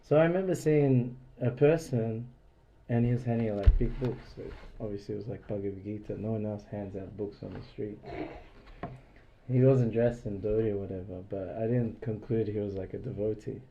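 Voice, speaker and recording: Mellow-voiced man telling rambling stories. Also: fairly low pitch, steady tone, fairly quick, vocal fry, dull audio, a little hiss or hum. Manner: rambling storyteller, many "like" fillers, acts out dialogue. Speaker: speaker giving a devotional class. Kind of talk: informal storytelling class. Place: indoors in a private house.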